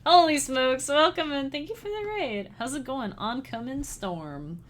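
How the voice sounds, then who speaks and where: A woman with a high, sing-song voice chats unhurriedly with her live-stream audience, music playing behind her. She's a livestreamer and chiptune musician, bubbly and giggly, talking directly to her viewers.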